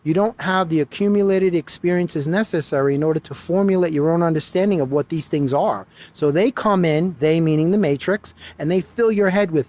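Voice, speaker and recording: A man's voice: on the high side, brisk, hardly any pauses, a little mellow. A man delivering an urgent, emphatic monologue to viewers, often repeating phrases for emphasis. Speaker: spiritual video creator. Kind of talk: preachy monologue to camera.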